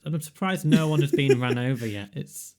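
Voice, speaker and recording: A man's voice: mid-range voice, animated, moderate pace, darkish tone. Laid-back Yorkshire man chatting. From York, England. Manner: chatty, laughs often, tells stories. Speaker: podcast co-host. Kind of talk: casual chat.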